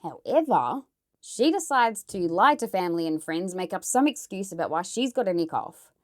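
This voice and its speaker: With a lowish, sing-song voice at an ordinary pace, this Australian woman tells a true crime tale in a relaxed, talkative style. She doesn't hold back, swearing bluntly as she adds her own commentary.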